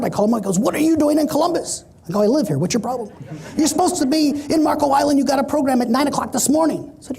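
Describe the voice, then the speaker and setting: A middle-aged man giving a keynote speech on stage, an animated storyteller who acts out the voices he quotes. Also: high voice, breathy edge. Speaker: motivational speaker.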